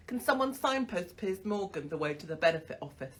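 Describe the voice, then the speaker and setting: A woman's voice: medium pitch, expressive, slow pace, pauses often, fairly bright tone. A woman hosting a casual livestream from a hotel room on her phone, swearing bluntly and mocking people with frequent laughter. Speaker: livestream host.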